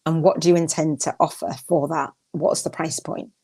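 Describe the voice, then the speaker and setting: Low-voiced chatty grandmother podcast host. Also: little pitch movement, normal speed, dark tone. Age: older. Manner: chatty, emphatic, repeats phrases, laughs often. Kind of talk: casual solo podcast coaching talk.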